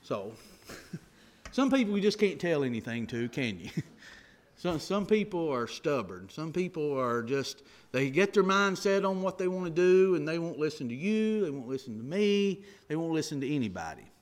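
A man's voice: a little high, very animated, moderate pace. A male preacher giving an evening sermon in a church, telling a folksy joke and repeating words as he goes.

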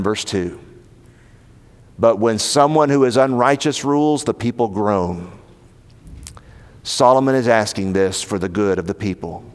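A man preaching a sermon, his voice at an ordinary middle pitch and carrying a long reverb as if filling a large church hall. He preaches emphatically, rising to loud stressed phrases and then dropping to hushed ones. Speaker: pastor.

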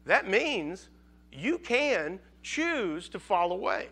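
A man's voice: sits high, big pitch swings, measured pace, fairly bright tone. A man preaching a sermon to a congregation, asking them questions and often repeating words as he goes. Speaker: pastor.

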